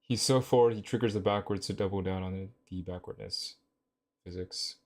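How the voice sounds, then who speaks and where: A man's voice: low voice, fairly even intonation, a little fast, a little mellow. A man reacting to a clip on a stream, talking in a laid-back way and musing in abstract, philosophical terms. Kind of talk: casual reaction commentary.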